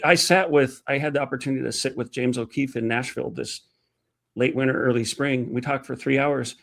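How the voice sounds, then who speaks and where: A man's voice: mid-range voice, steady tone, a little fast, gravelly, a bit bright. A man hosting a heated interview, speaking with indignation that rises into outrage. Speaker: host.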